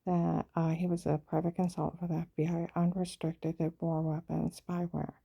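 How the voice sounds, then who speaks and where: A woman tells a rambling personal story in a low, gravelly, husky voice. Her tone stays dark and flat as she presses her grievances with insistence. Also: normal speed. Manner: aggrieved, insistent retelling.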